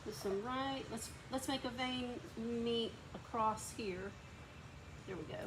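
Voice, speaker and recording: A woman's voice: on the high side, slow pace, noisy background. A woman with a lazy Southern drawl hosting a painting demo in a workshop, chatting and coaching a helper as she works. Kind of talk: hands-on demonstration.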